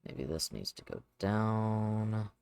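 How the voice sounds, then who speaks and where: A woman's voice: very deep voice, sing-song, slow pace, gravelly, smooth. A woman streamer talking to herself as she works on a 3D model, muttering and humming as she goes. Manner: mumbles to herself, sings softly, talks to her cat. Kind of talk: casual stream narration while 3D modeling.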